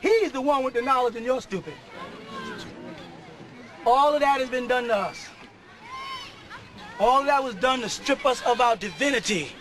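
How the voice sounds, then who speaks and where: A middle-aged man preaching a sermon to a live audience, often shouting and laughing. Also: very high voice, low-quality recording.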